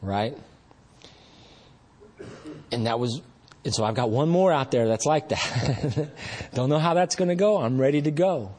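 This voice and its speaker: A man's voice: mid-range voice, expressive, a little slow, pauses often, darkish tone. A man giving a personal recovery testimony at a meeting, earnest and rambling, talking in a conversational way with frequent restarts. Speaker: speaker sharing recovery story.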